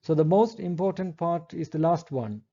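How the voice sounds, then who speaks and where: A man giving a recorded English lecture, explaining step by step in a measured way and reading example sentences aloud. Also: a little high, expressive, mellow, lo-fi sound.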